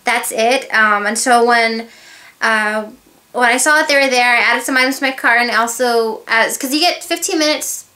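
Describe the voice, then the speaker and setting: A woman's voice: a little high, moderate pace, bright, forceful tone. A woman talking casually in a beauty haul video, rambling and chatty with many asides. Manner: rambling, chatty, full of filler words and asides. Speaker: beauty vlogger. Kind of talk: casual haul review chat.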